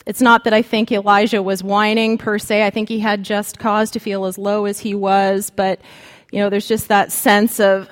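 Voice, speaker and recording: A woman preacher giving a sermon, speaking slowly and dramatically with long pauses. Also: mid-range voice, flat delivery, big-room sound.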